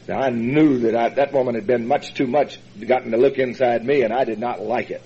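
A man telling his personal recovery story as a meeting speaker, in a folksy, halting way with many fillers and chuckles. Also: mid-range voice, steady tone, dark tone, breathy edge. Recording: dull lo-fi recording.

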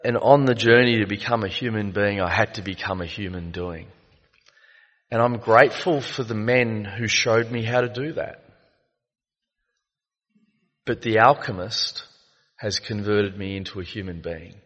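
A man giving a reflective personal share at a recovery meeting, telling stories with many halting fillers. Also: fairly low pitch, a bit bright, muffled recording. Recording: long echo of a meeting hall.

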